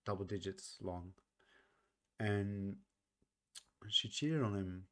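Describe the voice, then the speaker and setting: A man with a slightly low voice gives casual song commentary. He sounds earnest and soft-spoken, thinking aloud and often stopping to restart a sentence. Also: takes it slowly. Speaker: music reaction vlogger.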